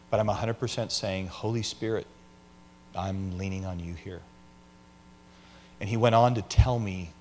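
A man's voice: fairly low pitch, a little mellow, slight background noise. A man, a pastor, answering an audience question by telling a story in a conversational way, acting out the people he quotes. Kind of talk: teaching session with audience questions.

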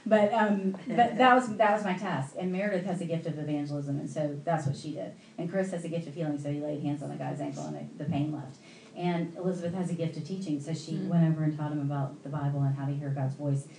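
A woman pastor from the American South, telling a lively story in a sermon and acting out the people in it, with a light Southern accent. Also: low voice, fast talker, reverberant, a little hiss or hum, poor audio. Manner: animated, laughing storyteller acting out quoted voices.

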